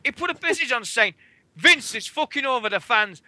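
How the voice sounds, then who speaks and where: A high, piercingly bright British man rants excitedly about wrestling on a radio show. His talk is casual and full of swearing, recorded close and dry with no room sound. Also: no room sound. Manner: swearing, excitable, fast ranting.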